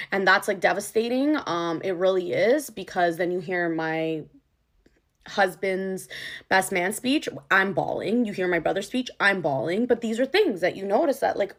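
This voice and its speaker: A young woman vlogger casually telling a story about her wedding, chatty and exasperated, filling her talk with "like". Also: mid-range voice. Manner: chatty, animated, exasperated, heavy use of "like".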